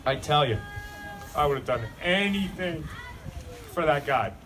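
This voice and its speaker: A man's voice: a little high, expressive, measured pace, fairly bright tone. A man giving a rambling, heartfelt eulogy to a crowd at a memorial gathering, talking bluntly and casually. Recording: distant mic with noisy ambience.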